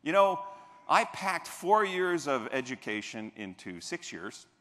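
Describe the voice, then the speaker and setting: A man delivers a motivational keynote from a convention stage, his bright, higher voice swooping up and down as he tells stories with a joker's asides. A long reverb hangs on it from the big hall. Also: measured pace, slight background noise. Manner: animated, jokey, playful asides to the audience. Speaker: keynote speaker. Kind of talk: motivational keynote with humorous storytelling.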